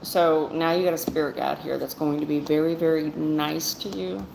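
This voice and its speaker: A woman's voice: deep voice, fairly even intonation, normal speed. A woman reading tarot on a livestream, blunt and a little sarcastic as she talks straight to her chat viewers and calls them baby and hon. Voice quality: blunt, sarcastic-sounding delivery. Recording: echoey room with clear background noise.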